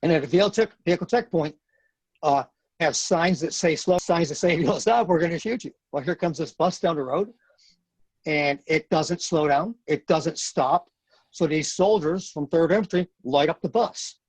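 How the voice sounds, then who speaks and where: Husky-voiced middle-aged man telling war stories. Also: fairly high pitch, moderate pace, a little mellow, dry recording, poor audio. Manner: earnest, blunt, repeats phrases for emphasis. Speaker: podcast guest, retired Marine sergeant major. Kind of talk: casual storytelling in a podcast interview.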